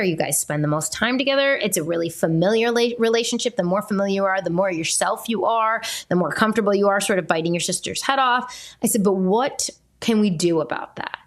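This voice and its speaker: A woman's voice: mid-range voice, lively intonation, fairly quick. A woman in her thirties hosting a podcast alone, candid and conversational as she explains ideas. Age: 30s. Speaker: podcast host, parenting coach. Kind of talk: solo podcast talk.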